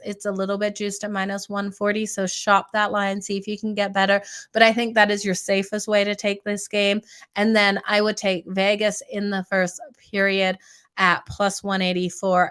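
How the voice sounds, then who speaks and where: A woman hosting a sports betting podcast, her voice raspy and strained today, chatting through picks and calling her viewers "you guys". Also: mid-range voice, fairly bright tone. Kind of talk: casual betting picks rundown.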